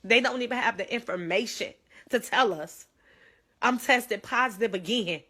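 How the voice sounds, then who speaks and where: A woman's voice: fairly high pitch, normal speed, bright, forceful tone. A young woman pleading urgently into her phone on a livestream, holding back tears. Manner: urgent, pleading, tearful at times. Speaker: livestreamer sharing her own illness.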